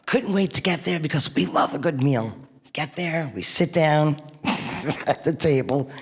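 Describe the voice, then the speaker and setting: Chatty New York woman, slow and echoey. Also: low-pitched, a crowd in the background. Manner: chatty storyteller who laughs through her stories. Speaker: eulogy speaker. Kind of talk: eulogy sharing funny memories. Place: church hall. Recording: long reverb of a church hall.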